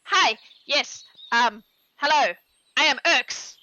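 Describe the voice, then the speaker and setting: A woman's voice: high voice, slow pace, sharp tone, dry recording, lo-fi sound, exaggerated voice. A woman voicing a dim, eager male goblin guard who greets people clumsily and repeats himself.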